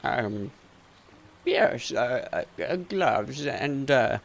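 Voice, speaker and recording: A man's voice: animated, extremely slow, vocal fry, heavily acted. A man voicing a fussy, hard-of-hearing elderly male shopkeeper who stammers and dithers. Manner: dithering, stammering, high-pitched muttering.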